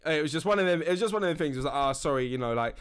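A young man hosting a relaxed solo podcast, rambling with lots of fillers and laughing now and then. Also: a little high, very fast, clear, resonant tone. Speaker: podcast host.

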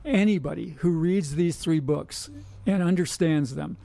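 A man's voice: on the high side, unhurried, gravelly, no echo. A man who gambles professionally, a guest telling stories in a casual interview, chatty with lots of filler. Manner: chatty, many you-knows, animated when telling stories.

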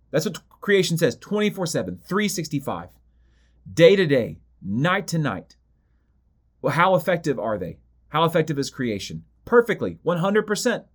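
A man teaches through a book of the Bible, reading scripture aloud and driving points home by repeating phrases and slowing down. His voice is fairly high-pitched and animated.

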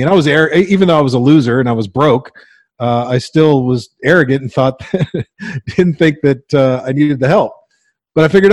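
A man in his forties, a guest on an interview show, telling a lively story about his life and acting out the people in it, laughing often. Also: medium pitch, a little fast, dry recording. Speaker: guest, coach and agency owner.

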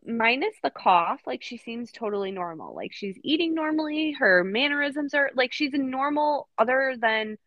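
A woman's voice: high voice, lively intonation, moderate pace, few pauses, no room sound, lo-fi sound. Blunt, swearing young woman on a podcast. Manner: blunt and profane, mock-outraged. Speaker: podcast co-host. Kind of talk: casual chat.

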